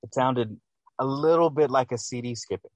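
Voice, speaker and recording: A man's voice: medium pitch, normal speed, dry recording. A man co-hosting a casual album review, critical and hesitant, correcting himself often.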